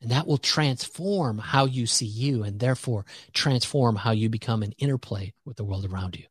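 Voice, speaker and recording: A man's voice: medium pitch, normal speed, breathy edge, no room sound. A man talking as a podcast guest, preacher-like and emphatic, repeating phrases for rhythm as he builds a motivational faith message.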